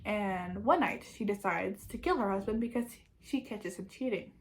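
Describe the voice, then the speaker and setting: A woman chatting casually as a book reviewer, summarising a plot with frequent "like" and quick restarts. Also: mid-range voice, low-quality recording.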